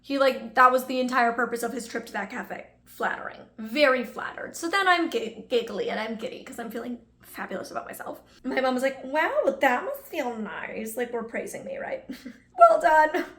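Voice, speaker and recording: A woman's voice: on the high side, fairly quick, sharp tone, roomy sound. A young woman vlogger telling a personal story in a casual, chatty way, full of asides to her viewers.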